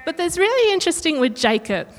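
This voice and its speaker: A woman's voice: extremely high pitch, big pitch swings, quick pace. A woman preaching a sermon in a chatty way, correcting herself and asking the room questions. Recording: long reverb of a hall.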